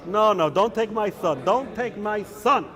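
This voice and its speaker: A man's voice: sits high, animated, measured pace, big-room sound, crowd noise. A man voicing an anxious elderly father who pleads repetitively, in a lecture room with an audience. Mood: pleading.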